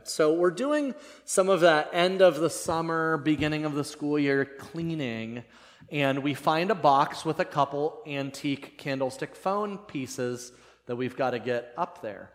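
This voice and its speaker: A man preaching a conversational sermon, telling a story in a casual, self-deprecating way. His voice is slightly strained from cracking earlier. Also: on the high side. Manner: casual and self-deprecating, animated when retelling. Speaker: pastor. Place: church sanctuary. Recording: reverberant church hall.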